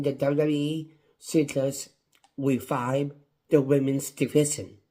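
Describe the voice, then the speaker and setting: A man's voice: a little high, mellow. A man reviewing a wrestling show on his own, in a passionate, repetitive rant. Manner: impassioned, ranting, repetitive. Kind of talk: casual solo review.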